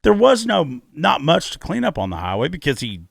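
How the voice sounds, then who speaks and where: Emphatic, profane man with a gravelly voice. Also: a little high, wildly swooping pitch, a little fast, no room sound, studio quality. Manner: emphatic, profane storyteller who repeats key words. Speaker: podcast co-host. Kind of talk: casual podcast chat. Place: podcast studio.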